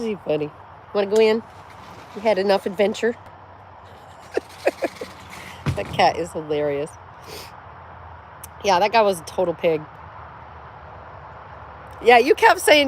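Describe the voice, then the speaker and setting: A middle-aged woman telling a story in a loose, chatty way, laughing a lot and swearing as she goes. Her voice moves freely up and down in pitch, and faint outdoor noise hangs in the background. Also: a little slow, pauses often. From United States. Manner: laughing often, profane, animated storyteller. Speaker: vlogger. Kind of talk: casual storytelling chat to camera.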